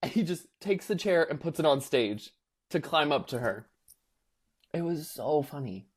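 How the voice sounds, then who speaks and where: Husky and unhurried, this young podcast co-host has a voice on the high side. He chats casually, telling a lively story with acted-out quotes and plenty of filler words.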